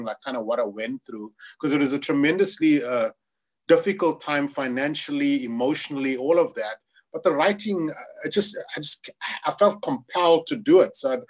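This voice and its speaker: Man from South Africa, interview guest, lively storytelling, mic voice on the higher side. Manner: animated storyteller, acts out quoted voices. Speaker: screenwriter guest.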